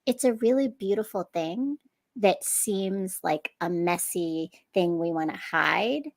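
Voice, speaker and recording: A woman's voice: on the low side, takes it slowly, creaky. A woman hosting a podcast, talking in an encouraging way during a casual conversation. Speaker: podcast host.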